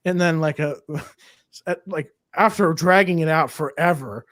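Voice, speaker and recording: A man's voice: fairly high pitch, a little slow, a bit bright, dry recording, studio quality. A man co-hosting a podcast in casual, candid chat, swearing freely. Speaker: podcast co-host.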